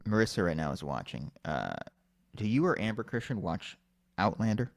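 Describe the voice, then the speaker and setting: A man's voice: on the low side, very animated, moderate pace, gravelly, no room sound. A man co-hosting a podcast, easygoing and teasing, chiming in with lots of agreement. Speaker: podcast co-host. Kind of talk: casual chat.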